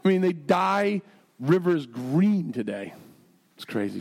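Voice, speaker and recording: A man preaching from the pulpit with a somewhat high voice. He tells stories in a lively, self-mocking way, then slows into earnest prayer. His delivery is lively and casual, not polished. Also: creaky. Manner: animated, jumps between storytelling and earnest prayer; self-deprecating and jokey. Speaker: pastor. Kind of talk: sermon with storytelling and prayer.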